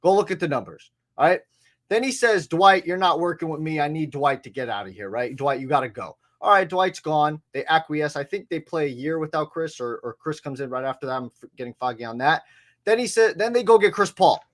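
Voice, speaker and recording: A man's voice: on the high side, animated, a little fast. A man co-hosting a sports podcast, talking casually and animatedly, acting out quotes and swearing freely. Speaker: podcast co-host.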